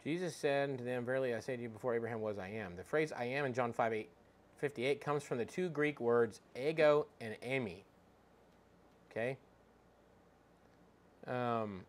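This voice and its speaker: A man's voice: medium pitch, a little hiss or hum. A man giving an informal Bible teaching, reading scripture aloud and searching for verses as he talks. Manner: conversational, reads scripture aloud and looks up verses mid-talk.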